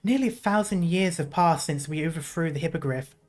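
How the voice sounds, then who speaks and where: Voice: mid-range voice, fairly quick, faint music behind, lightly acted. A streamer voicing a stern male emperor with a put-on British accent, reading a game story aloud in a solemn, formal way. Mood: grave.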